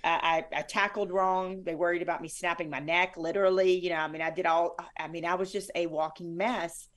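A woman's voice: on the low side, steady tone, a little fast. A middle-aged woman, a former sportscaster, telling stories in a bubbly, effusive way as a guest in an interview. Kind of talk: conversational interview.

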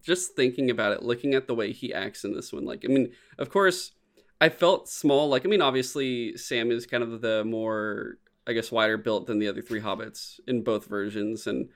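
A man chatting casually about a film with friends, animated and swearing, often breaking into squeaky impressions. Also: moderate pace.

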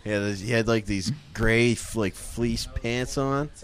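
A man's voice: on the low side, unhurried, smooth. A man on a podcast telling rambling, crude stories in casual banter and swearing a lot. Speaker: podcast guest.

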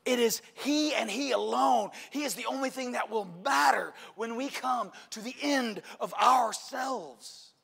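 A man preaching a sermon with passion and shouted emphasis, recorded in a church sanctuary. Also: very high voice, measured pace, vocal fry, few pauses, husky. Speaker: pastor. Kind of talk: Easter sermon. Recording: long reverb of a church hall.

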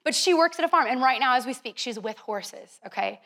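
A young woman youth leader telling a lively, chatty story to a youth group, playful and teasing. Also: sits high, a little fast, creaky.

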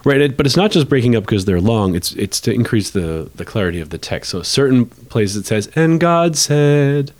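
Deep-voiced man in casual chat. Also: expressive, a little fast, hardly any pauses. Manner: conversational, hums chant patterns, defers to co-host. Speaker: podcast co-host.

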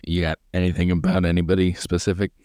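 Low, smooth-voiced man reviewing a movie. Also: little pitch movement, fast talker, dark tone, no echo, clean studio sound. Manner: rambling, sarcastic, mimics characters in mocking voices. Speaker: podcast co-host. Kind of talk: casual movie review chat.

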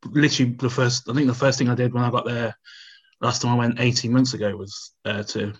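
A man's voice: mid-range voice, little pitch movement, brisk, breathy edge. A man co-hosting a sports podcast, rambling casually with many restarts and easy laughter. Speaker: podcast co-host. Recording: slightly dull sound.

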